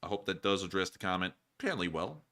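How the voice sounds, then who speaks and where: Low-pitched yet fairly bright, an animated male voice moves a little fast as he hosts a laid-back live stream. He reads viewer messages and reacts by joking, laughing frequently and repeating himself.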